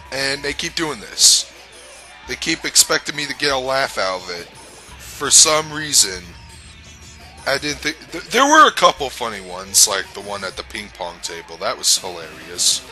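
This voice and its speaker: A man's voice: medium pitch, lively intonation, unhurried, long pauses, pushed and bright, faint music behind, low-quality recording. A man giving a casual review rant, rambling, blunt and profane, with frequent restarts. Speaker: anime reviewer.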